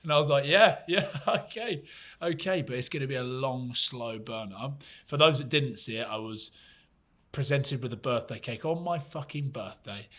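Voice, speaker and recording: A man co-hosting a casual podcast chat, telling a story in a lively, laughing way and swearing freely. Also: mid-range voice, normal speed. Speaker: podcast co-host.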